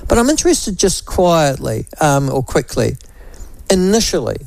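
Blunt, rambling New talk radio host. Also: male voice, on the high side, very animated, moderate pace, vocal fry, a little mellow, dry recording, rough recording. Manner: blunt and rambling, many fillers and asides. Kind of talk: opinionated talk radio monologue.

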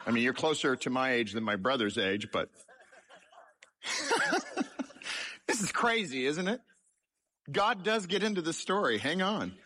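Male preacher doing a testimony. Bright tone, highly expressive delivery, self-deprecating humour. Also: a little slow, long pauses. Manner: humorous, self-deprecating storytelling. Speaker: speaker sharing his life story. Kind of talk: testimony sermon.

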